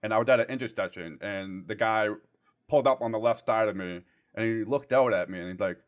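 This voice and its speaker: A man guest telling a story in casual chat, getting louder and more excited as he retells it. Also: lowish voice, a little fast. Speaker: guest streamer.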